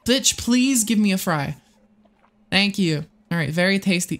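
A young adult game streamer talking live to chat, jumpy and quick to curse. They ramble in restarts and running self-talk while playing. The voice sits in a middling pitch. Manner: excitable and swearing, chatting with viewers.

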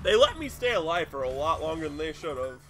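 A man's voice: a little high, very animated, fast. A man chatting casually while playing a video game, reacting to the match and swearing when it goes badly. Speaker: gameplay commentator. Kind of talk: casual gameplay chat.

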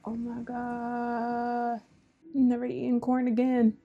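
A young woman hosting a movie reaction, speaking softly and startling easily. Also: fairly high pitch, completely flat delivery, lo-fi sound, over loud music. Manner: soft-spoken, jumpy, quick to startle. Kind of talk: hushed movie reaction chat.

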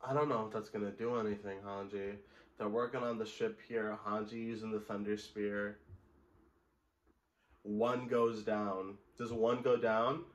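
A man's voice: lowish voice, little pitch movement, a little slow. A man reacting to a manga chapter in casual commentary, exclaiming and swearing and calling the listener bro. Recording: echoey room.

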